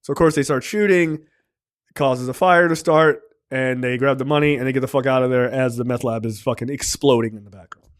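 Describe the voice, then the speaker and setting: A man co-hosting a podcast, retelling a show's plot in casual, animated chat full of swearing and fillers. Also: medium pitch, a little fast. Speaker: podcast co-host.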